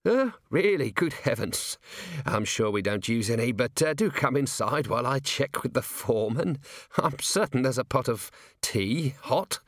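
A man voicing a nervous, flustered gentleman in an audiobook, hesitant and overly polite. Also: mid-range voice, expressive, moderate pace, no echo, clean studio sound, close to an everyday voice. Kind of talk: audiobook character voice.

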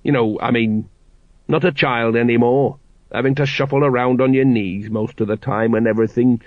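A man voicing an elderly male dwarf father, worried and hesitant, who speaks in slow, halting phrases. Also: medium pitch, steady tone, no echo, natural voice. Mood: awkward, gentle. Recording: dry, dull lo-fi audiobook recording.

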